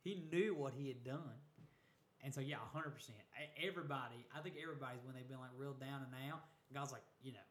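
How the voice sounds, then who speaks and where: A man in casual chat explaining Bible stories, animated, with many "you know" asides. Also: mid-range voice, quick pace, slight background noise. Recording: echoey room.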